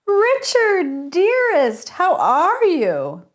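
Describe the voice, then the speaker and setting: A woman's voice: a little high, big pitch swings, slow pace. A woman voicing a flamboyant, fussy male theater director with an affected, theatrical way of talking. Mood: gushing.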